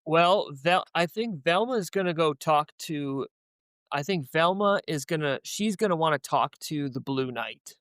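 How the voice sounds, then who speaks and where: Smooth-voiced man thinking aloud, dry. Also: on the high side, animated, measured pace, fairly bright tone, no echo. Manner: tentative, thinking aloud with restarts. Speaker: podcast guest. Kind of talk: casual story-planning chat.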